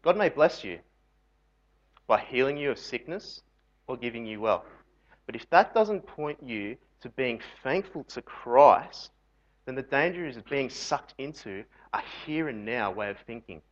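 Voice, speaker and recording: A man giving a lively, jokey sermon to a youth group, full of rhetorical questions. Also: medium pitch, measured pace. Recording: dull lo-fi recording.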